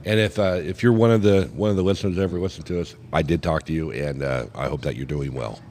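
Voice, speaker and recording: A man's voice: very deep voice, fast talker, long reverb tail, a little hiss or hum. A man from Oregon, a podcast co-host, telling a rambling story in casual chat at a cigar lounge and acting out the voices of the people in it. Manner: rambling, animated, acts out quoted voices.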